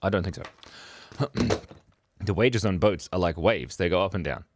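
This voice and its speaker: A middle-aged man with an Australian accent chatting casually with viewers of his livestream at home, speaking quietly and laughing often. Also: low-pitched, unhurried, husky, no room sound, studio quality. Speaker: livestream host. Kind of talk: casual chat reading viewer comments. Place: home, early morning. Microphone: microphone worn near the beard.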